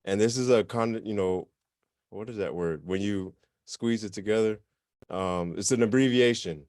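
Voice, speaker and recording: Relaxed low-voiced man teaching a class. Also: measured pace, no room sound, clean studio sound. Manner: relaxed, self-correcting, chatty explanations. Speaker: language teacher. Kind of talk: informal online class.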